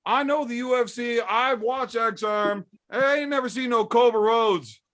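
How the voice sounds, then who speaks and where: High-voiced man trash-talking loudly. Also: normal speed. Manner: mocking, profane, loud. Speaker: co-host of a livestream. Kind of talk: rowdy trash-talking banter.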